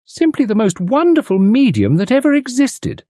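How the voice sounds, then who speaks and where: A man's voice: extremely high pitch, big pitch swings, moderate pace, dark tone, no echo, studio quality, pitched above the performer's own voice. A man reading an audiobook, voicing a drawling, gushing society woman keen on séances.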